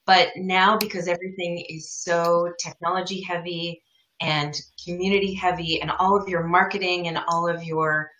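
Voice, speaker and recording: A woman's voice: fairly low pitch, level tone, moderate pace, pushed and bright, reverberant, low-quality recording. A woman co-hosting a live show, giving casual, thoughtful advice with frequent fillers. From northern United States. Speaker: co-host.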